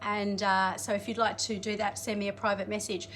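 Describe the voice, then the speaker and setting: A woman, coaching an audience in a chatty, energetic live-streamed motivational talk, greeting viewers and laughing often. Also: mid-range voice, fairly quick, soft background music. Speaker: life coach.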